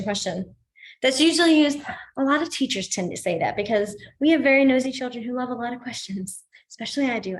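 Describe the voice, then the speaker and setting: A young woman, teaching a sign language class in a chatty, casual way full of fillers, going quiet as she demonstrates signs. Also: fairly high pitch. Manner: chatty, many fillers, drops to quiet when signing.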